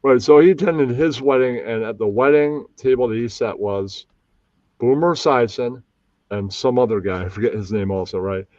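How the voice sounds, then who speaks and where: A man's voice: mid-range voice, moderate pace, darkish tone, dry recording, muffled recording. A man hosting a casual live stream, rambling and often losing track of names. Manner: rambling, loses names, puts on mocking voices. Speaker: stream host.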